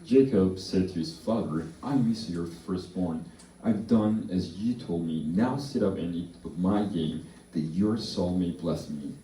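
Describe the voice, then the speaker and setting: A man leading a slow, deliberate responsive reading of scripture in a church service. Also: low-pitched, mellow. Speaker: pastor. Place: church hall. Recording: echoey church hall from far off.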